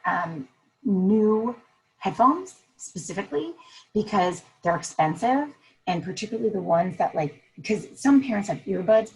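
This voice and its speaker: A middle-aged woman with a low, gravelly voice speaks earnestly as a school principal, halting often and restarting her thoughts. She sounds moved, close to tears. A faint hum sits behind her. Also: rough recording. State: emotional, near tears. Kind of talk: casual interview.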